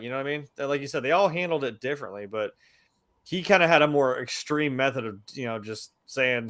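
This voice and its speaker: Casting note: excited male podcast co-host, loose and casual, mid-pitched. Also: brisk. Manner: enthusiastic, swears casually, says "like" a lot. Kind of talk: casual chat.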